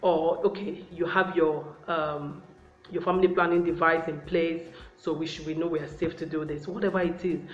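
A woman's voice: low-pitched, steady tone, normal speed. A woman giving relationship advice to the camera in a casual, chatty way, often calling her viewers guys. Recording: roomy, slightly dull sound.

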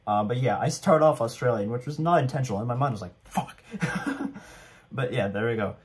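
A man's voice: medium pitch, expressive, brisk. Young guy rambling about his performance, casual, self-mocking. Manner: rambling, chatty, self-deprecating. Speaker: vlogger. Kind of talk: casual commentary.

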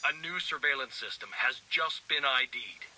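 A man's voice: mid-range voice, normal speed, sharp tone, slight background noise, low-quality recording. A man voicing a terse male soldier in a video game, giving clipped military callouts about enemies and objectives. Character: terse male soldier calling out combat reports. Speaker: game character voice.

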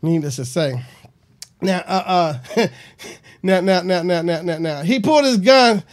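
A man's voice: high voice, measured pace. A comedian hosting his own show, riffing on a news story in a loose, rambling way. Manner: animated, rambling with fillers. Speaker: comedian host.

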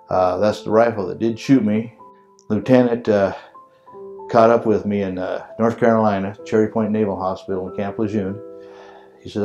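An older man tells a vivid war story for an oral history interview, mimicking the gunfire and the voices of the people in it. His voice is low and gravelly. A soft guitar plays under him. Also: muffled recording. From United States. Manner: animated storyteller, acts out sounds and voices. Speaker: veteran telling war story.

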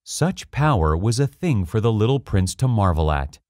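This audiobook is read by a man with a fairly low pitch who delivers it in a steady, expressive storytelling style. The sound is dry and of studio quality.

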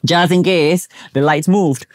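On his podcast, a young man from Singapore shares a personal story in Singaporean English, animatedly voicing the people he quotes. He speaks a little slowly in a somewhat high voice, with studio-quality audio and no room sound.

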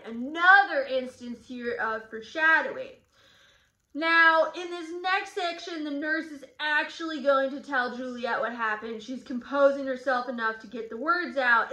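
A woman's voice: high voice, sharp tone. A woman teacher leading a casual guided reading lesson, chatty with sardonic asides. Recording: roomy echo.

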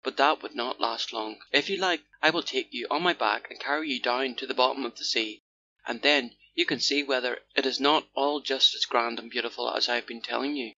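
A man voicing a boastful, easily frightened male sea turtle in a storybook, speaking smoothly and eagerly in a dull lo-fi recording. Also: mid-range voice, a little fast, pushed and bright, a little hiss or hum.

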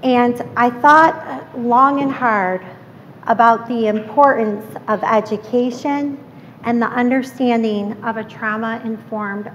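A woman's voice: fairly high pitch, muffled recording. A woman giving a live keynote presentation to an audience in a lecture hall, earnest and emphatic, often putting questions to the room. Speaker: keynote speaker. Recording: reverberant hall, faint room noise.

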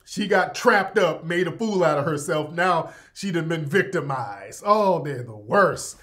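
A man's voice: a little high, lively intonation, measured pace, few pauses, sharp tone. A man hosting a talk show, giving sarcastic, mocking commentary in an exasperated tone. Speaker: host.

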